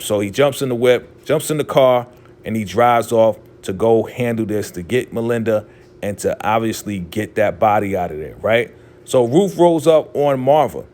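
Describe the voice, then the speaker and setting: A man's voice: on the low side, moderate pace. A man casually recapping an episode. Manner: animated storytelling, acts out quotes. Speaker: show recap host.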